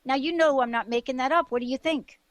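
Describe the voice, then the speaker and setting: A woman with a high voice talks fast while hosting a radio talk show. It's casual radio chat, and she rambles eagerly with many fillers and restarts.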